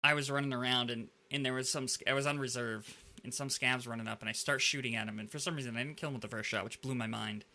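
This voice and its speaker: Animated man telling gaming stories. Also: mid-range voice, quick pace, hardly any pauses. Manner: animated storyteller, heavy use of "like". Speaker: podcast host. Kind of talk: casual gaming podcast chat.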